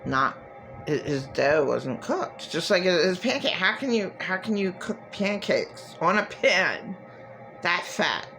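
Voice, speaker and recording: A middle-aged woman talks straight to camera in an agitated, profane monologue. Her bright, sharp voice swings widely up and down, and she speaks slowly, breaking off and restarting her sentences. She keeps circling back over the same points. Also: lowish voice, sing-song, soft background music, low-quality recording. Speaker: vlogger.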